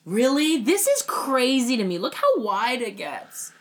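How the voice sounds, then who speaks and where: Young male podcast co-host, self-mocking, very lively pitch. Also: measured pace. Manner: animated, self-mocking, chatty with many fillers. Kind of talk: casual chat.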